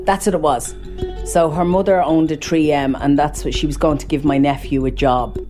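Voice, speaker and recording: Woman interviewee, very low pitch, animated recollection. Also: moderate pace, soft background music.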